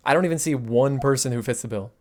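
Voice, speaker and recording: A woman's voice: very deep voice, fast, background noise. A woman voicing a bewildered young male lawyer from a game, hesitant and stammering. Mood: baffled.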